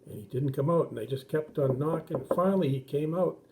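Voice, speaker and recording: Middle-aged guy doing a kids' sermon, mellow warm tone, easy simple talk. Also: a little high, brisk. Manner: gentle, simple explanations for kids, acts out voices. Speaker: children's pastor. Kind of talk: children's sermon storytelling.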